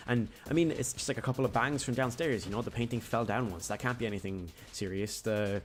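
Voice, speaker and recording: A man's voice: mid-range voice, fast, few pauses, soft background music. A man giving casual, rambling, jokey commentary while playing a video game. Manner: rambling, chatty, jokey asides. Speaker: gaming YouTuber.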